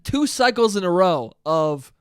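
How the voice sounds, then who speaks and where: A young man hosts a solo podcast, rambling casually and swearing as he jokes along. His voice is high and smooth. The recording is close and dry, with no room sound. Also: big pitch swings, measured pace, no echo. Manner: profane, rambling, joking. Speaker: podcast host.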